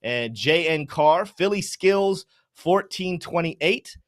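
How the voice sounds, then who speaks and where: A man's voice: on the high side, slow pace. Upbeat male live-stream host. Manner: upbeat, energetic, hype-style shout-outs. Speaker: host of a live crypto market show. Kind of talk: live stream, reading chat names and market talk.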